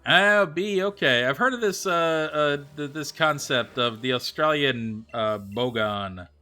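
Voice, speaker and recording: A man from the United States live-streams a game, speaking a little slowly at medium pitch in a bright, forceful tone over faint background music. He's chatty, thinks out loud, and reads viewers' messages aloud and responds to them casually.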